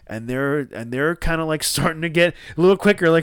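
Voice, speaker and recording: A man's voice: fairly high pitch, fast talker, no echo, studio quality. A man, co-hosting a podcast and telling a rambling, profane story full of restarts. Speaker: podcast co-host.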